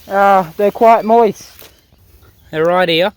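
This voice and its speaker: A man's voice: sits high, slow, clear, resonant tone, poor audio. A young man, chatting casually outdoors in a gardening vlog and laughing often between phrases. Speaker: vlogger. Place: outdoors in the bush by a creek.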